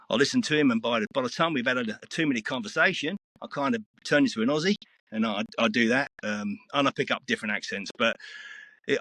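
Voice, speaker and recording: A man in his sixties with a deep voice, a voice-over actor chatting casually in an interview, relaxed and rambling with many fillers. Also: dry recording. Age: 60s. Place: small home recording booth. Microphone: headset.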